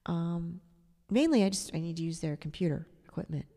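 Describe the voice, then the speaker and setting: Gravelly low woman telling a story. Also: animated, fairly quick, mellow, in a large hall. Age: adult. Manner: chatty, digressive, sarcastic asides. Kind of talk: casual storytelling monologue.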